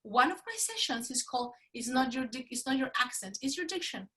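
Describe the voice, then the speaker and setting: A middle-aged woman with a Spanish accent, speaking as a podcast guest in an animated, emphatic way that repeats phrases for effect. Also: high-pitched, fairly quick. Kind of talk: casual interview talk.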